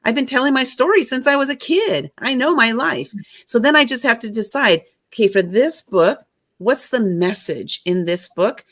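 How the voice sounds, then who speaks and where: Lively storytelling woman, dry close sound. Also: on the high side, moderate pace, no room sound. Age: 50s. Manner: lively storyteller who acts out quotes. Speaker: guest author and publisher. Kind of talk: storytelling interview.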